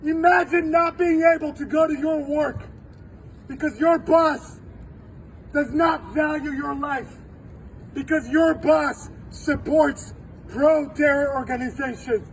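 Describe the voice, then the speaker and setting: A man in his forties giving an impassioned protest speech outdoors, shouting at times and his voice breaking with tears. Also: very high voice, steady tone, slow. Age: 40s. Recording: distant mic, faint street traffic.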